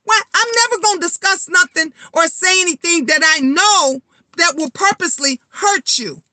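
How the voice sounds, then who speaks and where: A middle-aged woman, vlogging in a blunt, animated monologue full of swearing. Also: extremely high pitch, moderate pace, no room sound. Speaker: vlogger and tarot reader. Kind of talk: casual vlog monologue.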